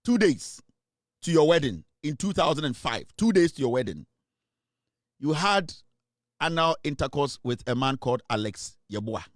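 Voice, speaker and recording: A man's voice: a little high, expressive, moderate pace, dry recording, clean studio sound. A man hosting a live talk show, delivering repetitive, threatening accusations. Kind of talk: heated live commentary.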